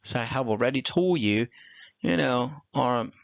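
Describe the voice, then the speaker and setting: Slow, lively male teacher. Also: mid-range voice, vocal fry, no room sound. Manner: explains slowly, switches between English and Spanish examples. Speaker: English teacher. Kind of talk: grammar lesson. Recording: dull, dry and lo-fi.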